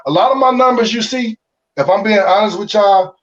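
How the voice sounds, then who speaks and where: A man's voice: sits high, brisk, fairly bright tone, distant mic, muffled recording. A middle-aged man from Chicago, a former pro ballplayer, telling his story in an interview with loose slangy talk and frequent restarts. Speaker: former pro baseball player, guest.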